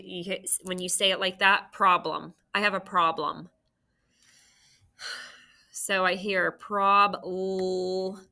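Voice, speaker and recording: Slow, patient woman teaching phonics. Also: fairly low pitch, bright, forceful tone. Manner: slow, patient, sounding out syllables. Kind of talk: remote phonics lesson for young children.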